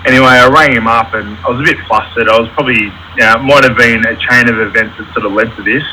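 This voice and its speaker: Aussie electrician guy, bright voice, chatty and candid, bit of faint noise behind. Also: mid-range voice, fairly even intonation, fast, low-quality recording. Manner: candid, storytelling with reenacted quotes. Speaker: electrical contractor, guest. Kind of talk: casual interview talk.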